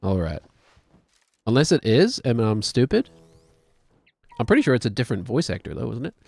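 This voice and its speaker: A man in his thirties with a New Zealand accent chats loosely while streaming a game. He thinks aloud and pokes fun at himself as he wanders from thought to thought. His voice sits at an ordinary middle pitch. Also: sing-song, normal speed, vocal fry, darkish tone, no echo. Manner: rambling and self-deprecating, thinking aloud. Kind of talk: casual gaming commentary.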